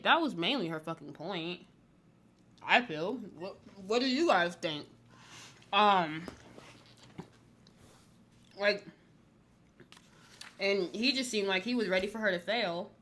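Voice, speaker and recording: A woman's voice: on the low side, sharp tone. A woman casually recapping a reality TV show, rambling and blunt, with lots of "like" in her speech. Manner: candid, blunt.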